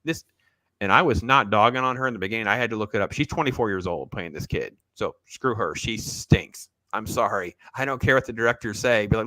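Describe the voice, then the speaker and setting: A man's voice: fairly low pitch, animated, brisk, pushed and bright, dry recording. A man hosting a casual reaction stream, riffing sarcastically and talking straight to his viewers. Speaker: show host.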